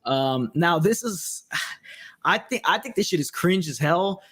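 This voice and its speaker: A man's voice: on the high side, expressive, takes it slowly, a bit bright, slightly rough. Blunt, profane man in casual chat. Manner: profane, blunt and laid-back, reads viewer comments. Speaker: wrestling show host.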